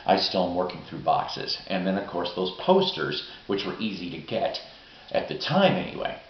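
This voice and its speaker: A middle-aged man telling rambling, profane, excitable stories in a casual vlog monologue. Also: low voice, normal speed. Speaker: vlogger. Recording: roomy, dull lo-fi recording.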